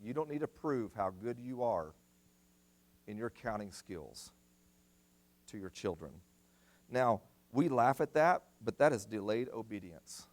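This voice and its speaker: Preaching at a church family seminar as a guest speaker, a middle-aged man uses a lowish, expressive voice, going a little slowly with long pauses. He is emphatic, repeating commands to stress them.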